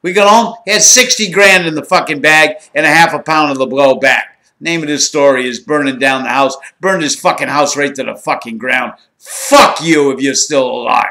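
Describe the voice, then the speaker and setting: A man's voice: on the high side, moderate pace, sharp tone. A man in his sixties telling a raw, profanity-laden story in a blunt, candid monologue. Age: 60s. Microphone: home recording.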